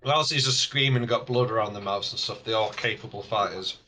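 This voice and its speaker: Male GM, bright tone, casual joking delivery. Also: fairly low pitch, fairly quick, a little hiss or hum. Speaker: game master. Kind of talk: narrating a tabletop game.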